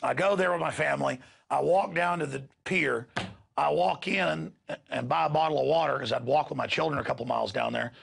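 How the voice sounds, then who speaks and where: A man's voice: a little high, brisk, creaky, a bit bright, a little hiss or hum. A middle-aged man, hosting a show and delivering an impassioned, emphatic rant to his listeners. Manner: ranting, emphatic, repeats words when worked up. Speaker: radio show host.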